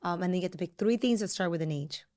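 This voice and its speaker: A woman's voice: fairly low pitch, very fast, darkish tone. A woman in her thirties co-hosting a casual podcast, chatting and acting out family quotes. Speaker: podcast co-host. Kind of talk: casual chat.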